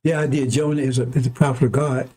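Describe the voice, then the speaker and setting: A man's voice: medium pitch, quick pace, husky. A man preaching in a rambling, conversational way, now and then acting out heated arguments in a raised voice. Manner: animated, acts out arguments with God in a raised voice. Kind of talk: rambling sermon.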